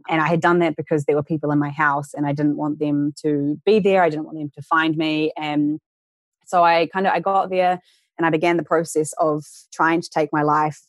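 Casting: young woman, low pitched, candid storyteller, dry close sound. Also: no echo. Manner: candid, earnest, re-enacts quoted voices. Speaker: interview guest. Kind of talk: personal storytelling in an interview.

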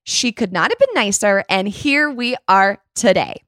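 A woman hosting a podcast, bubbly and excitable, chatting casually and a little tired from a late night. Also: a little high, fairly quick, dry recording, studio quality. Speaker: podcast host.

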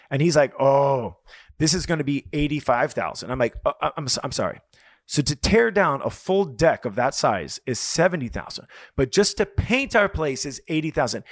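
A man's voice: mid-range voice, no room sound, studio quality. A man co-hosting a podcast, chatting casually, rambling and swearing as he retells stories with quoted voices. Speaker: podcast co-host. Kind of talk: casual chat.

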